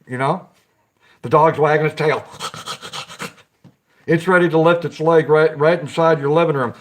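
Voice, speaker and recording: A man's voice: on the high side, fairly even intonation, normal speed, slight background noise. A man hosting a casual live stream, chatting with viewers, greeting them by name and giggling often.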